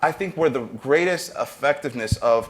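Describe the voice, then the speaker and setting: A man's voice: medium pitch, animated, moderate pace, a little hiss or hum. Male professor, panel guest; earnest, motivational delivery, mid-range voice. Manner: earnest, motivational, with brief restarts. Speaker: panelist, arts entrepreneurship professor. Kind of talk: panel discussion talk.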